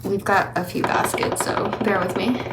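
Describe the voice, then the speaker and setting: A woman's voice: mid-range voice, steady tone, normal speed, very noisy. A young woman giving a casual tarot reading, chatty and encouraging, a little out of breath and laughing often. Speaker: tarot reader.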